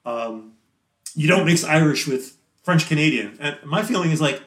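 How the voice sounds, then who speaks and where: A man talking as a guest musician in a casual interview, rambling and chatty and quick to laugh. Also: fairly high pitch, lively intonation. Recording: roomy echo.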